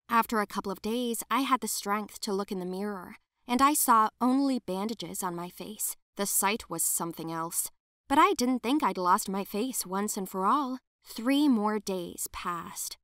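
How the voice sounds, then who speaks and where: A woman narrating a first-person animated story in an emotional, dramatic way. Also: medium pitch, unhurried, dry recording, studio quality.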